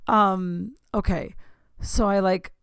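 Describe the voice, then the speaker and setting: A woman in her thirties tells a story on her podcast, gushing and breathless, tripping over her own asides. Her voice is smooth and clear with a gravelly fry at the ends of phrases. The close, dry mic picks up no room. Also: mid-range voice, slow, no room sound. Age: 30s. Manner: excitable, gushing, self-interrupting. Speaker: podcast host. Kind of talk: casual storytelling.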